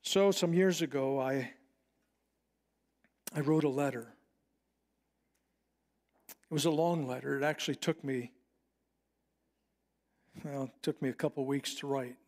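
A middle-aged man preaching a sermon, mixing Bible teaching with a personal story and slowing down to stress key phrases. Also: mid-range voice, a little mellow. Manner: earnest, personal storytelling with slowed emphatic phrases. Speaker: pastor.

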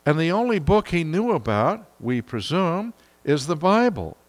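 A man's voice: on the high side, sing-song, a little slow. Folksy preacher man in a reverberant hall. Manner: folksy, chuckling, many fillers. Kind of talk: sermon. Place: church.

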